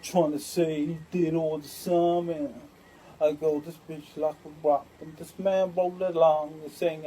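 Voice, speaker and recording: A woman's voice: sits low, level tone, unhurried, dark tone, a little hiss or hum, rough recording. A woman talking in a rambling, repetitive monologue full of street slang and chant-like repeats.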